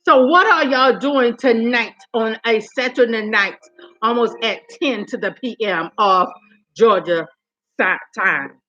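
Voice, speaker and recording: A woman's voice: on the high side, a little slow, dull audio. A woman, chatting sassily with her live-stream viewers and laughing often. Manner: sassy, animated, laughing often, calls viewers honey and girl. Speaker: vlogger talking to live chat. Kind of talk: casual live-stream chat. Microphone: phone camera.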